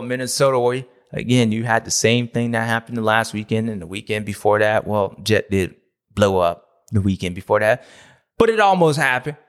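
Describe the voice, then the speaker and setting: A man's voice: medium pitch, fairly bright tone. A man hosting a motocross recap show, ranting in a playful, self-mocking, grumpy way. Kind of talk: casual ranting commentary.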